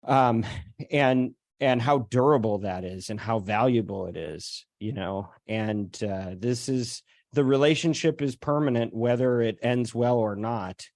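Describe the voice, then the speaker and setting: A man hosting a casual chat on a video call, speaking thoughtfully with many pauses and fillers. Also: mid-range voice, darkish tone, dry recording, studio quality. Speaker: host.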